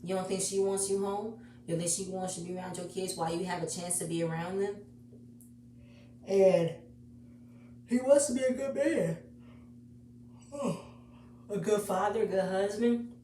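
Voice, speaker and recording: A woman's voice: on the low side, mellow, slight background noise. Chatty woman recapping in an echoey room. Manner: chatty, emotional, repeats herself. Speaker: reality TV reviewer. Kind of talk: casual episode recap. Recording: echoey room, distant mic.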